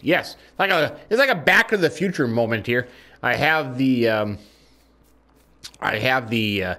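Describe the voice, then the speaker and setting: A man giving chatty let's-play commentary, talking to his in-game horse and jumping up in pitch when excited. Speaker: gaming YouTuber.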